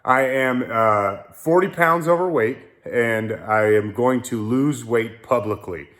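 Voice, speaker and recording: A man's voice: medium pitch, slow pace, fairly bright tone. Young man, car-build vlogger, self-mocking jokes, rambling chatter, garage, phone recording. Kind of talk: casual garage vlog.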